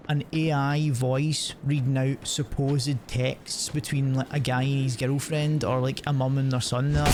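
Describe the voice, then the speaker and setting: A young man streaming a game, rambling and swearing as he laughs through casual commentary. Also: a little high. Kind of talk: casual commentary over gameplay. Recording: noisy background.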